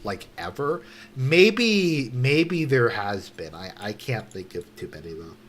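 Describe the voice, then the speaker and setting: A young man giving casual commentary while reading a news article aloud, indignant and sarcastic, swearing, halting and restarting often. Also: medium pitch, very animated. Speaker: online commentator.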